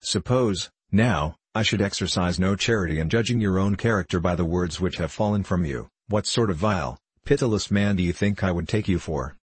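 An earnest Methodist preacher pleads for charity and sermonizes with righteous fervor, as a man reads him aloud. His voice is low and husky, and it is recorded dry and close. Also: brisk, few pauses, dry recording. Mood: pleading.

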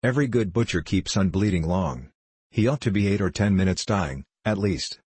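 A hard-headed country wife, impatient and scolding, read by a man in his own low voice. The tone is husky and very deep. It sounds close and dry, like a storybook reading. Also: animated, normal speed, a little mellow, dry recording. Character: blunt, hard-headed rural young wife.

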